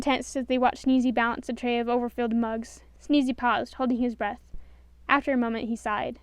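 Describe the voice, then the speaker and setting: Smooth-voiced woman storyteller. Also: fairly high pitch, brisk, dry recording. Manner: expressive, does all voices. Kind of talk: storybook narration.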